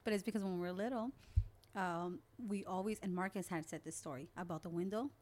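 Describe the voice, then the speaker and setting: A woman's voice: fairly low pitch, brisk, darkish tone. A young woman, a guest on an interview show, chattily retelling conversations and memories in a casual storytelling way. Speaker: guest, older sister.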